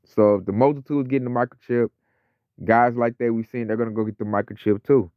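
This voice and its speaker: A man's voice: mid-range voice, steady tone, fairly quick, clean tone, no room sound. Slangy male preacher, dull dry recording. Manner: conversational, slangy, acts out quoted voices. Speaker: religious teacher. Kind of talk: informal scripture teaching.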